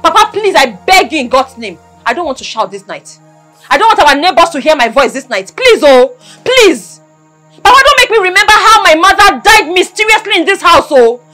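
A woman's voice: extremely high pitch, sing-song, fairly quick, sharp tone, faint music behind, heavily acted. An actress with a Nigerian accent playing a defiant young woman who boldly stands up to her father. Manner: defiant, taunting. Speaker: daughter confronting her father. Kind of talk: Nollywood drama acting.

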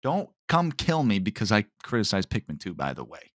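A man's voice: fairly low pitch, huge pitch swings, fairly quick, no room sound. A man hosting a solo podcast, rambling and stopping himself mid-thought, in a dry tone that sounds sarcastic. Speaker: podcast host.

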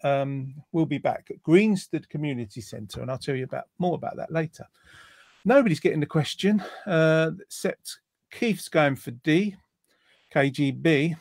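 A man's voice: a little high, normal speed, darkish tone, no echo. Male host, light-voiced, dry, rambling and jokey. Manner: jokey, rambling, lots of ums. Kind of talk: casual quiz chat reading viewer comments.

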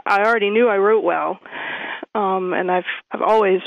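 A woman's voice: medium pitch, fairly even intonation, normal speed, vocal fry. A woman with a Southern accent talking in an interview, hesitant with many ums. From American South. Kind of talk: casual interview. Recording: tinny phone line.

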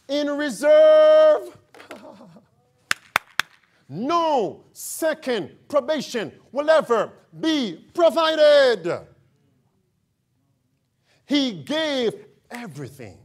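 A man preaching from the pulpit in a high voice, drawing out his words at an unhurried pace. He pauses often to quiz the congregation and then rises to emphatic, shouted declarations. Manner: preaching with call-and-response questions to the congregation. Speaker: pastor. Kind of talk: sermon.

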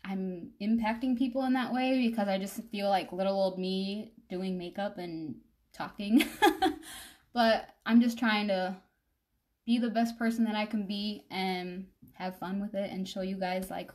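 A young woman talks through her makeup routine on a live stream. She rambles in an easy, chatty way and speaks straight to her viewers. Her voice sits at an ordinary middle pitch. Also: measured pace, a little mellow. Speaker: makeup vlogger. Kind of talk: casual live-stream chat while doing makeup.

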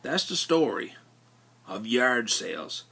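A man's voice: mid-range voice, slow, vocal fry, husky. A man telling a casual folksy story in local dialect. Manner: animated, folksy dialect narration.

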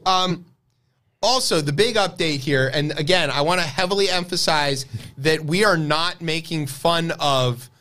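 This US podcast co-host talks through the news in casual political chat, wry and sarcastic in manner. He speaks unhurriedly, his fairly high voice carrying a bright, forceful tone.

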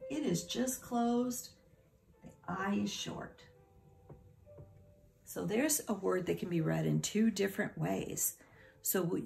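A woman's voice: lowish voice, gravelly, warm tone. A woman teacher giving a phonics lesson to young children, speaking patiently, sounding out the parts of words and sometimes dropping to a whisper.

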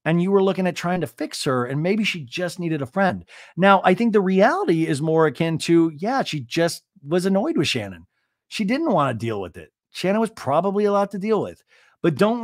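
A man's voice: fairly high pitch, no echo, studio quality. Sarcastic, chatty male podcast host. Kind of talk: casual comedic recap commentary.

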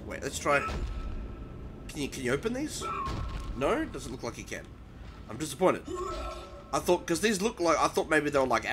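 A man's voice: mid-range voice, background noise. A man hosting a let's play, easily frightened and blurting nervous exclamations as he plays. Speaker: gaming channel host. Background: game music.

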